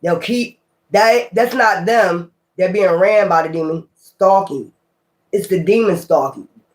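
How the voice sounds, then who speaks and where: High-voiced blunt, profane tarot reader man. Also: unhurried. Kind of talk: casual tarot reading.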